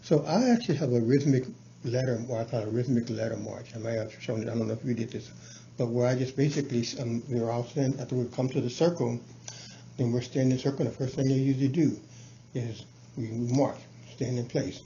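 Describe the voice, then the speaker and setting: A man explaining his teaching plans to a colleague in a halting, casual way, full of fillers and restarts. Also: warm tone. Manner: halting, many restarts and fillers, breaks into chanted syllables and sung verses. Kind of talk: casual explanatory talk on lesson planning. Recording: dull low-fi with faint background noise.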